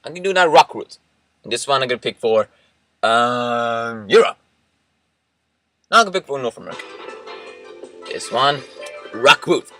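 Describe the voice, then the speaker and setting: Young male gamer, bright and animated, excitable, faint game music underneath. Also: mid-range voice, moderate pace, long pauses. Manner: excitable, shouts and yells at the game. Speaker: let's play gamer. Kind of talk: game commentary. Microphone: computer mic.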